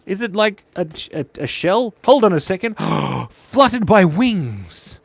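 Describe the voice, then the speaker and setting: An Australian man with a fairly high voice that leaps all over the place as he chats through a live drawing session. He jokes, muses and answers viewers on the fly. The sound is close and dry, with no room around it. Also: moderate pace, vocal fry, no echo. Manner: playful, animated, reads viewer chat aloud. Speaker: live drawing stream host. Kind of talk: live-stream chat while drawing.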